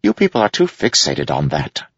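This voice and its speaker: A sly, mocking jester, as a narrator puts him on, playful and odd. His lines jump up high and swoop around. The gravelly voice sits under a dull, lo-fi sound. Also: huge pitch swings, normal speed, fairly bright tone, no echo, heavily acted. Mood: teasing. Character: odd, teasing older male jester.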